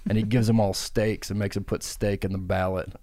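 A man's voice: fairly low pitch, flat delivery, fairly quick, warm tone, no room sound, studio quality. A man co-hosting a podcast, riffing in casual comic chat with a laid-back, profane delivery. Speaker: podcast co-host.

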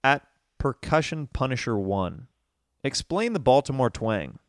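Smooth-voiced animated male storyteller. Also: mid-range voice, measured pace, no echo, clean studio sound. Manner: animated storyteller, calls people dude. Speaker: podcast host. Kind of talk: casual chat.

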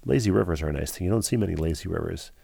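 A man's voice: low-pitched, expressive, rapid-fire, vocal fry, mellow, breathy edge, dry recording. A man co-hosting a podcast, reading listener mail aloud with chatty, jokey asides. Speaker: podcast co-host.

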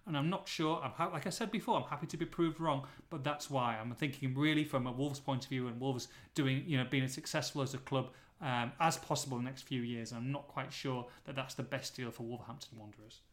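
A man co-hosts a football podcast in a loose, bantering way, firing off listener questions and tossing in quick jokes. His voice sits at a middle pitch for a man. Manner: chatty, banter-filled, quick asides. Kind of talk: casual football podcast chat.

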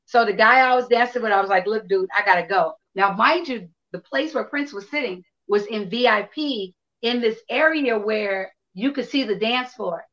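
Woman guest, casual and profane storyteller, slightly high voice, muffled lo-fi sound. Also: normal speed, hardly any pauses. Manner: animated, profane anecdote telling with quoted dialogue. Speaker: interview guest.

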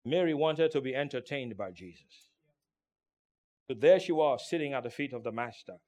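A man preaching a sermon as pastor. He is emphatic, calls out for responses from the congregation, and swings from hushed to loud delivery. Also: medium pitch, expressive, moderate pace. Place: church in Turkey.

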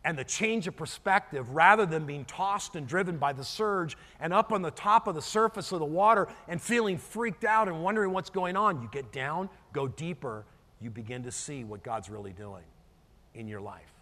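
Middle-aged man, pastor, earnest sermon, slightly high voice, long hall reverb. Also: moderate pace, pushed and bright. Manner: earnest, storytelling, frequent restarts and repeated words.

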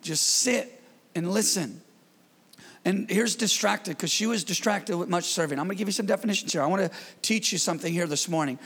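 A man preaching as pastor in his church, in a lively, conversational style with call-and-response to the congregation. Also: sits high, fairly quick, vocal fry, husky, in a large hall. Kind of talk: sermon.

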